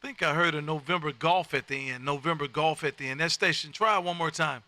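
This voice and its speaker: A man hosting a live ham radio stream from his home radio room, loud and folksy, calling CQ and repeating his phrases. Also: a little high, brisk, heavy background noise. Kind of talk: calling CQ and chatting with contacts.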